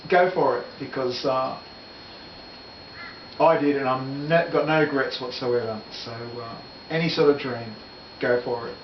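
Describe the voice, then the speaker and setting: A middle-aged man, a musician, talks at a measured pace in a mid-range voice with fairly even intonation while reminiscing in a casual interview. He rambles, self-corrects as he goes, and laughs easily, though the echoey, distant, dull recording carries loud noise.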